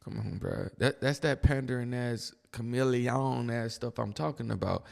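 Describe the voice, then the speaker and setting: A man's voice: medium pitch, normal speed, creaky, a little mellow, in a large hall. A man giving casual reaction commentary in a blunt, slangy, exasperated manner.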